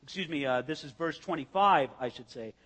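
A man preaching with a high, bright voice that rings through a large hall. He tells the story vividly, stepping into each scene as he explains it. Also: a little fast, husky. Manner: animated storytelling, acting out scenes. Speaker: pastor. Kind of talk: expository sermon.

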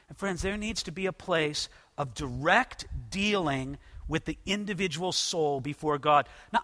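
A man preaching a sermon as pastor to his congregation, emphatic, swinging from loud urging to hushed, intimate lines. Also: sits high. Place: church sanctuary. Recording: long reverb of a large hall.

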